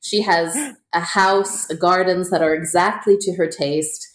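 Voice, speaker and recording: A woman author talking as a guest in a relaxed interview, chatty and quick to laugh, full of fillers. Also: fairly low pitch, a little hiss or hum. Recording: echoey room.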